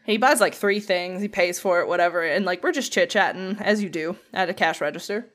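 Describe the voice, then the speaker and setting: A woman's voice: fairly low pitch, a little fast. A woman co-hosting a casual podcast, telling anecdotes animatedly and acting out the people in them. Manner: animated storyteller, acts out voices in anecdotes, swears. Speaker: podcast co-host.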